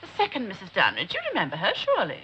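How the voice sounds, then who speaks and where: A woman's voice: mid-range voice, wildly swooping pitch, rapid-fire, sharp tone. A woman playing an affected, gushing upper-class lady in a 1960s TV sitcom. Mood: wheedling. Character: pushy upper-class woman, wheedling and vain. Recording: dull hissy 1960s TV recording.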